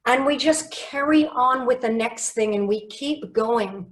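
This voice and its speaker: Woman speaking coach, online workshop, slow deliberate delivery, lively and coaxing. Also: sits high. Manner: lively, coaxing and emphatic, reads chat replies aloud. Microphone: video call.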